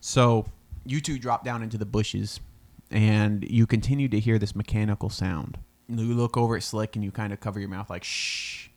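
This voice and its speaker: A man narrating as game master in a tabletop game, relaxed and quick to laugh. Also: fairly low pitch. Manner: relaxed, laughs often, easygoing.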